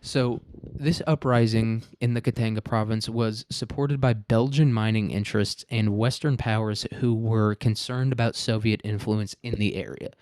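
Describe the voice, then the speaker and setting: A man's voice: on the low side, steady tone, moderate pace, a little mellow, no echo. A man hosting a history podcast in a loose, profane, rambling monologue full of restarts and asides.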